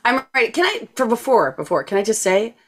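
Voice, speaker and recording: A woman's voice: on the high side, very animated, brisk. A woman guest on a talk show, speaking in a heartfelt, effusive way about her faith. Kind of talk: emotional testimony.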